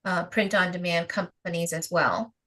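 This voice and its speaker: A woman's voice: lowish voice, steady tone, normal speed, a bit bright. A woman with a Rhode Island accent hosting a live question-and-answer stream, chatty and upbeat, greeting viewers. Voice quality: chatty, upbeat, with fillers and little laughs. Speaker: host of a self-publishing Q&A.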